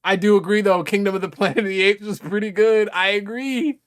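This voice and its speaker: A man's voice: sits high, brisk, clear, resonant tone. Exasperated, swearing male reaction streamer. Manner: exasperated, incredulous, swearing, swings from muttering to loud outbursts. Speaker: gaming YouTuber reacting to a response video. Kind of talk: casual reaction commentary.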